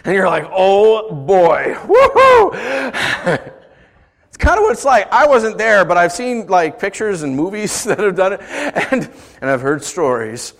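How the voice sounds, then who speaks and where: Animated male pastor preaching. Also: sits high, moderate pace. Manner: animated, conversational, playful asides. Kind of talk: sermon.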